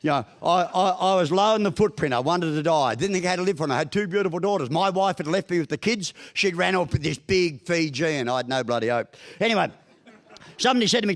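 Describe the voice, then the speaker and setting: Joking Australian man, high-pitched storyteller. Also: lively intonation, fast talker. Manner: broad, joking storyteller with crude humour. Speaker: guest speaker. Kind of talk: motivational after-dinner talk. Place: function room at a business breakfast.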